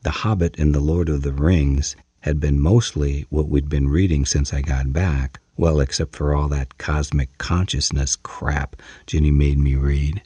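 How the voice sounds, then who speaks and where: A man narrating a first-person story as an audiobook, measured and dramatic. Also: extremely low pitch, fairly even intonation, warm tone, breathy edge, no echo.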